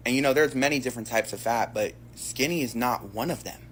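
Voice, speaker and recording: A man's voice: medium pitch, fast talker, fairly bright tone, a little hiss or hum. A man giving a sassy, slangy monologue to camera, brash and full of profanity. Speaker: social media commentator.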